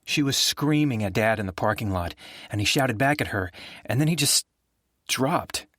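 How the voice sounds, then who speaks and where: A man's voice: mid-range voice, animated, normal speed, a bit bright, no echo, clean studio sound. A male narrator voicing a grieving adult man who lashes out at his brother in bitter, accusing outbursts. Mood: shaken. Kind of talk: audiobook character voice.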